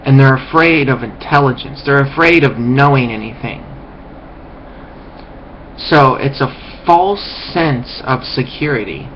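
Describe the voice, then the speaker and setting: A man's voice: mid-range voice, unhurried, fairly bright tone. A man in a rambling, contemptuous rant to camera, full of restarts and swearing. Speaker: vlogger. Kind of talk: ranting monologue. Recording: dull lo-fi recording with faint hiss.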